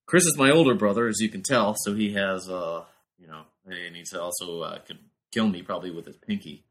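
A man's voice: sits low, a little fast. A man, co-hosting a podcast in a playful, joking way. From New Hampshire. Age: late 20s. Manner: playful, jokey, talks over others. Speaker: podcast co-host. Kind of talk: casual chat.

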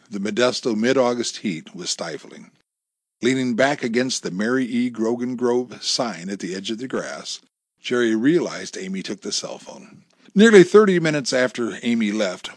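A man reads a story aloud at a steady, descriptive pace, with his mid-range voice moving lively through each sentence. The recording is close and dry. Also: fairly low pitch, breathy edge, dry recording. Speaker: narrator. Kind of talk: storytelling narration.

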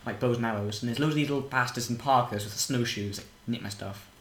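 This English man co-hosts a podcast, rambling and joking in character through gameplay and swearing a lot in a silly way. His voice is mid-range and a bit bright, and he talks fast. The room sounds echoey, with faint noise.

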